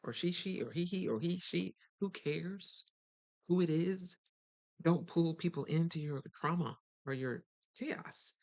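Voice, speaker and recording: A lively host talking straight to listeners in a casual self-help chat. The voice sits at a middling pitch, and the delivery stays animated and conversational, with quick turns into acting out other people. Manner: chatty and direct, addresses listeners. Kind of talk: casual motivational talk.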